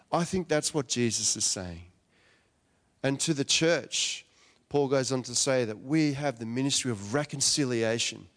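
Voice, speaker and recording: In an unhurried, mid-range voice with a fairly bright tone, a male preacher delivers a conversational sermon. Chatty throughout, he retells a story and questions his listeners, all captured with long hall reverb.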